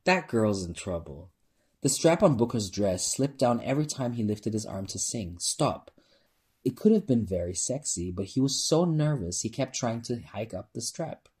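A man's voice: medium pitch, animated, moderate pace, few pauses, warm tone, slightly rough. A man reading a first-person novel aloud informally, stumbling now and then and restarting lines. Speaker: narrator.

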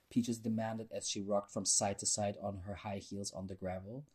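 Low husky male audiobook narrator. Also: steady tone, a little mellow. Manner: measured storytelling, lifting voice for dialogue. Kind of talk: scripted narration with character voices.

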